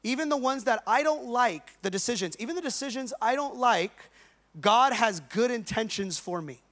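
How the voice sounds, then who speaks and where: A man's voice: very high-pitched, lively intonation, normal speed, a bit bright. A male pastor preaching a conversational, joking sermon in slangy everyday talk to a live congregation. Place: church service with a live congregation.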